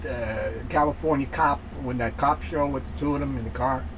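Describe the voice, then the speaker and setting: Radio co-host, man, eager, chimes in readily, mid-pitched voice with faint background noise. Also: moderate pace. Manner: eager, chiming in. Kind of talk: casual talk radio chat.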